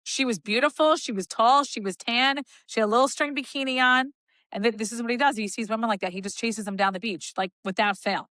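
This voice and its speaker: Bright-voiced woman, animated storyteller. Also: a little high, a little fast, no room sound. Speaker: podcast co-host. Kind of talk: casual chat.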